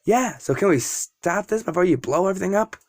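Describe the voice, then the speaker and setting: A man's voice: high-pitched, expressive, brisk, no room sound, voice pushed up. A cool, self-assured teen boy hero, as a man puts him on talks plainly and steadily with a slightly raised voice. The recording is dry and close. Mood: explaining.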